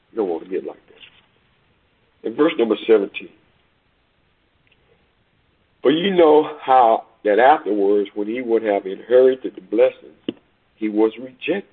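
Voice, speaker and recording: A man preaching a sermon and reading scripture aloud, slow and emphatic, repeating words and stretching key phrases. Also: fairly low pitch, slightly rough. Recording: tinny phone-like recording.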